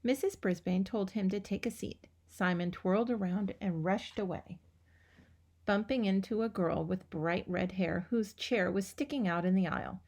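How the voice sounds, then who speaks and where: Reader: woman, mid-pitched, expressive children's-book narration. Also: normal speed. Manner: expressive, lively storytelling. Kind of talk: reading a children's book aloud.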